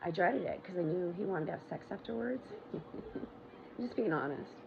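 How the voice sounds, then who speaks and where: A woman's voice: lively intonation, normal speed, vocal fry. A woman hosting her own show, telling a long personal story in a blunt, rambling way, with frequent profanity and fillers. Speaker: show host. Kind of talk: candid personal monologue. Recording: muffled low-volume recording with loud background noise.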